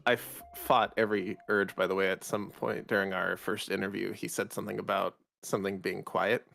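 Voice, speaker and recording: A man co-hosting a casual morning gaming show, laid-back and quick to laugh. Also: on the low side, flat delivery, vocal fry, fairly bright tone, faint music behind. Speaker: co-host. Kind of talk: casual live-stream banter.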